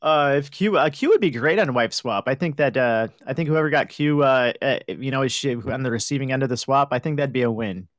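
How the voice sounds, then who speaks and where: A man's voice: medium pitch, fairly quick, hardly any pauses, no echo, clean studio sound. A man co-hosting a casual chat show, hesitant and full of ums and likes. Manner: hesitant, many ums and likes, laughs easily. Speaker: co-host.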